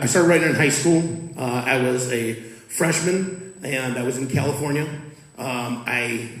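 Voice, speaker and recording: A man in his fifties, a coach and student teacher, reciting poetry and chatting casually with students in a school hall. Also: mid-range voice. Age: 50s. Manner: relaxed, conversational, rhythmic when reciting. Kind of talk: poetry reading and talk to students. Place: school auditorium or large classroom. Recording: echoey room.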